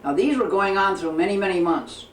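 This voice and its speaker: A man tells a long personal story at an unhurried pace, acting out the old conversations and pausing with filler sounds. His voice sits a little high for a man. The recording is roomy and echoey, with him a bit off the mic over a faint ambient hiss. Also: animated, recorded from a distance. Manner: measured storytelling, quoting dialogue, frequent pauses with "uh". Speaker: interviewee recounting life with his guru. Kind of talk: reflective spoken memoir.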